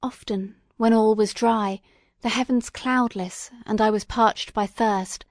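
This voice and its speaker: A woman's voice: a little high, fairly even intonation, unhurried, no echo, studio quality. Solemn woman reading a classic novel. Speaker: audiobook reader. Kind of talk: scripted narration.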